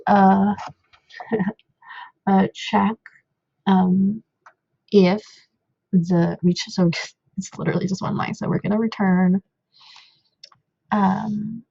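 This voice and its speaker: A woman's voice: mid-range voice, gravelly, mellow, husky, no echo, dull audio. A young woman at home casually talking through a coding problem, rambling with lots of fillers and self-deprecating asides. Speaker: coding tutor.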